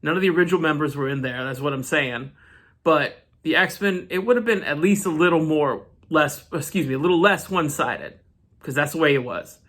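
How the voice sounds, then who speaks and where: A man hosting a comic book channel, recapping an issue in casual, animated storytelling with side rants. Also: a little high, brisk.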